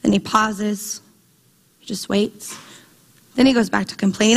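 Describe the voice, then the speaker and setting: A woman in her thirties preaching a conversational, animated sermon, telling stories from her week. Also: medium pitch, a little slow, vocal fry, pauses often. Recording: long hall reverb.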